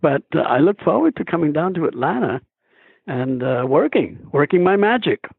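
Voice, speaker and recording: A man, a stage and screen actor, telling stories as a guest in a phone interview, chuckling often and animated. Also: fairly high pitch, normal speed, creaky, husky, dry recording. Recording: tinny phone line.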